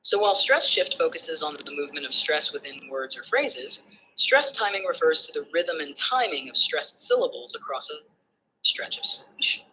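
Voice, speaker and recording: A synthetic assistant voice explaining phonetics like a tutor, in calm, structured steps that end by checking understanding. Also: medium pitch, moderate pace, a little hiss or hum, rough recording.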